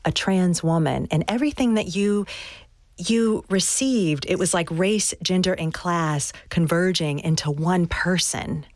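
Interviewer, mid-pitched, measured and reflective, dry close sound. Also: dry recording. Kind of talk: interview questions.

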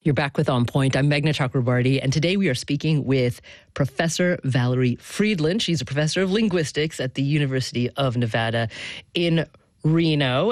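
A woman hosting a public radio interview, speaking in a measured, thoughtful way with some restarts. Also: deep voice, no room sound. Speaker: radio show host. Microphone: studio mic.

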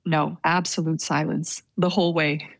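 A woman's voice: sits low, flat delivery, moderate pace, vocal fry, no room sound. A woman, introverted and hesitant, telling a personal story with many fillers. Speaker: interviewee. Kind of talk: casual storytelling.

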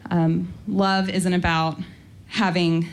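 A woman's voice: lowish voice, flat delivery, slow pace. A young adult woman telling a first-person story in a candid, wry way, with frequent ums and likes.

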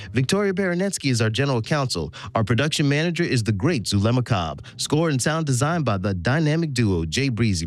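A male show host reading the closing credits in a friendly, playful manner. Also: lowish voice.

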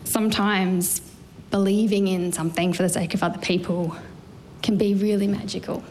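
A woman telling a lively, self-mocking personal story on stage. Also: medium pitch, normal speed, a little hiss or hum.

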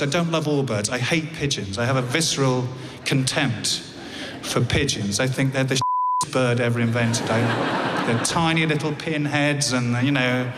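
English man, middling pitch, wry storyteller, stumbles and repeats, reverberant hall. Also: noisy background. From England. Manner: halting, wry, repeats words. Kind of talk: live personal storytelling.

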